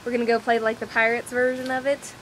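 This young vlogger talks fast in a high voice with little pitch movement, chatting in a rambling, scattered, self-deprecating way. She's walking outdoors in wind and rain for her daily vlog, and the poor audio picks up wind and ambient noise.

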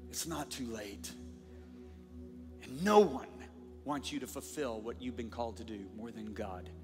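A middle-aged man preaching a sermon, telling stories animatedly and swinging between shouting and quiet asides. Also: mid-range voice, unhurried. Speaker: pastor. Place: large church or auditorium. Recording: reverberant hall with music.

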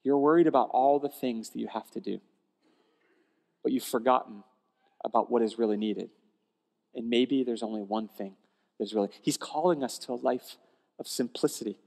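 A male pastor preaching a sermon in a conversational, animated storytelling way, often restarting phrases, in a church sanctuary. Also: medium pitch, moderate pace, creaky, long pauses. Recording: long church hall reverb.

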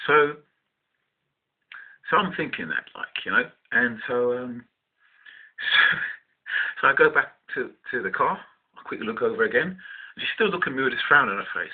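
A man's voice: medium pitch, lively intonation, fairly quick, husky. A man from West London with a London accent, casually telling a personal story in blunt, profane language with many restarts. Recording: tinny phone-like sound.

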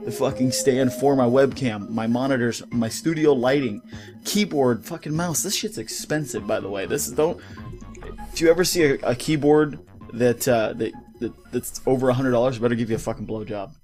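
A man's voice: mid-range voice, normal speed, darkish tone. Profane ranting man, faint music behind. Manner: heated, profane, rambling rant. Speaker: gaming YouTuber. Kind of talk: ranting vlog commentary. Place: home recording setup. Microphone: studio mic with pop filter.

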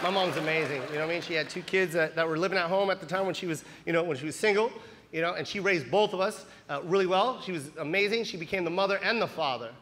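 High-voiced man doing stand-up in a hall. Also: fast talker. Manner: animated storytelling, swearing freely. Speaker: stand-up comedian. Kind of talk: stand-up comedy. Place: large theatre stage. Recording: big hall with loud crowd and noise.

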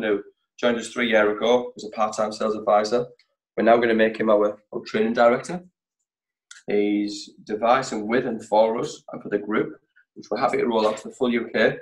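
A man's voice: on the low side, low-quality recording. A man hosting a sales training session, chatty and direct, with a jokey motivational tone.

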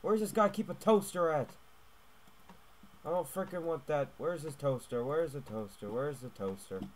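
A young man playing a stealth game and commenting as he goes, jumping between hushed muttering and loud yelps and tacking "mate" onto his lines. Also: on the high side, moderate pace, slight background noise. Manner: excitable, swings from hushed muttering to yelling, keeps adding "mate". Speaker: gaming YouTuber. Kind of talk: let's play commentary.

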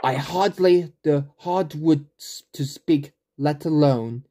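A man voicing an ancient, weary male tree elder, drawing his words out slowly like an old man. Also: on the high side, dark tone, slight background noise. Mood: pleading. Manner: slow, drawn-out old-man delivery. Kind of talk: reading game dialogue aloud in a voice.

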